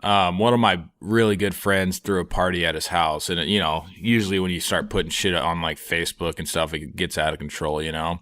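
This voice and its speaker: A man's voice: low-pitched, fairly even intonation, a little fast, hardly any pauses, fairly bright tone. A man in his twenties on a comedy podcast, telling a story in a rambling, profane way, full of fillers. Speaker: podcast co-host. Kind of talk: casual storytelling chat.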